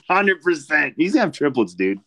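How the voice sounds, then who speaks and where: A man's voice: on the high side, creaky, pushed and bright, slight background noise. A young man hosting a podcast in a laid-back casual chat, calling people "dude" and "brother" a lot. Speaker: podcast host.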